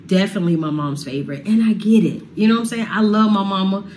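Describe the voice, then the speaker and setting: A woman's voice: medium pitch, fast, a little mellow, slight background noise. Impassioned woman telling her side. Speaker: singer telling her side of a family feud. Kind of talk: emotional sit-down talk.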